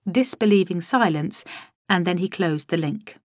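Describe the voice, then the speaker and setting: A woman's voice: on the low side, animated, unhurried, darkish tone, no echo. A woman narrating a first-person audiobook in a dry, wry storytelling manner.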